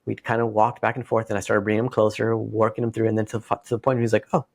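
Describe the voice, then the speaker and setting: Gravelly man telling dog training stories. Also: lowish voice, monotone, very fast, no room sound, studio quality. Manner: storytelling, acts out dogs and owners. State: slightly congested. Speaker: podcast co-host, dog trainer. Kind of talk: casual podcast chat.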